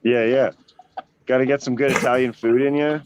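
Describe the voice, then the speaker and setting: A man from Canada chatting casually as a podcast co-host, laid-back and quick to laugh. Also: medium pitch, fairly even intonation, a crowd in the background. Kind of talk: casual chat. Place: home, near a deck. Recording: dull lo-fi call audio.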